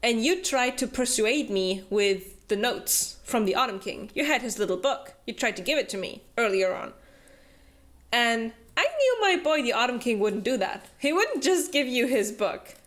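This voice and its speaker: A woman's voice: fairly high pitch, very animated, normal speed. A young woman summarizing a book for her club in loose, casual chat. She fills the talk with fillers and breaks into little acted voices for each character, laughing along the way. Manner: chatty, filler-heavy, acts out character quotes with laughs.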